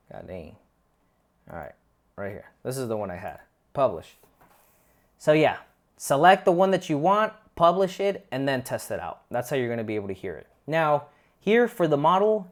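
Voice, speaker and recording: A man casually narrating a software tutorial, talking through each click in quick bursts that often restart mid-sentence. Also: medium pitch, creaky. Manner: chatty and informal, narrates his clicks as he goes. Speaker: tutorial host.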